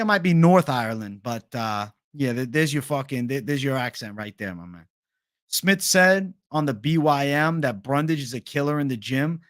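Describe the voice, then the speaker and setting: A man's voice: mid-range voice, a bit bright, no echo, studio quality. A young man hosting a casual livestream, reading viewer questions aloud in a laid-back, profane bro manner. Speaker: livestream host.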